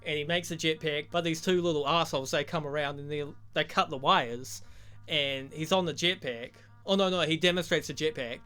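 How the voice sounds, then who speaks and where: A man's voice: fairly high pitch, a bit bright. A young man giving a rambling, profane, joking recap of a movie as a reviewer. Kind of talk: crude comedic movie recap.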